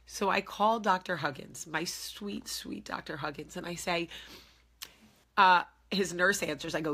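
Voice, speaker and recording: A woman with a husky, slightly low voice tells a personal story as the host of her own show. She sounds bright and forceful, and she is candid and animated throughout. She acts out the lines of the people in her story. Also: measured pace.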